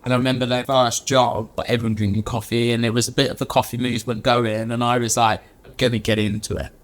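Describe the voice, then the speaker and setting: A man hosting a casual podcast chat, relaxed and joking, telling quick anecdotes. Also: medium pitch.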